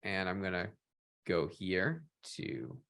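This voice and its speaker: A man's voice: sits low, very animated, slow pace, fairly bright tone. A man teaching an online workshop, asking questions of his audience and often tagging sentences with "right?". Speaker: workshop instructor.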